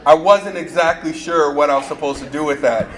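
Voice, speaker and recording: A man's voice: on the high side, brisk. A man giving a motivational keynote speech to a staff audience in a large event room, telling stories and joking with the crowd. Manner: animated storyteller, joking with the audience. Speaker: keynote speaker.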